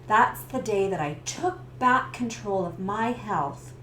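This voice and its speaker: A middle-aged woman from Canada, a stress coach telling a personal story to camera and acting out the scenes. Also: medium pitch. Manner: lively storyteller who acts out the scenes. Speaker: stress coach and business owner. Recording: roomy echo with faint background hiss.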